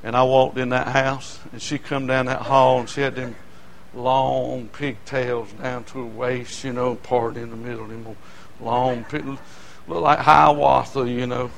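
An older man preaching a sermon, telling folksy stories in an animated way and breaking into shouts. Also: medium pitch, measured pace, creaky, a little hiss or hum. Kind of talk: sermon storytelling.

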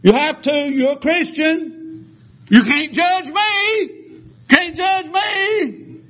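A man preaching puts on a high, whiny, demanding voice in exaggerated, insistent mimicry. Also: very slow, a bit bright, heavily acted. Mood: mocking, demanding. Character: shrill, demanding, mocking adult voice. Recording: dull lo-fi sound.

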